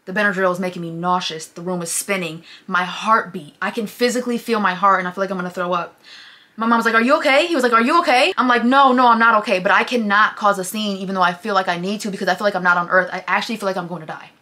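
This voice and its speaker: Fast, bright-voiced young woman vlogger. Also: mid-range voice. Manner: animated, rambling with many fillers and restarts. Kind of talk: casual storytelling to camera.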